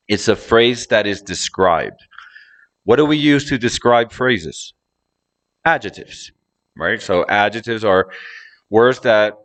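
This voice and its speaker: A man teaching English pronunciation, explaining with drawn-out words and exaggerated stress on key words. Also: on the low side, a bit bright. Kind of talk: slow, deliberate lesson explanation.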